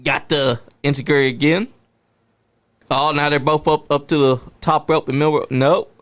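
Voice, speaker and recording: Joking higher-voiced man calling wrestling. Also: fairly even intonation, moderate pace, a bit bright. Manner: joking, calls the action as it happens. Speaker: host. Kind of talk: casual wrestling watch-party chat.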